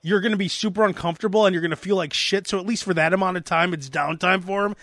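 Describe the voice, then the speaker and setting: A man with a high, bright voice hosts a loose, joking talk show. He tells stories with lots of energy. The sound is dry and close to the mic. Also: fast, dry recording. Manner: animated storyteller, barks out impressions. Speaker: podcast host. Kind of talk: casual comedic chat.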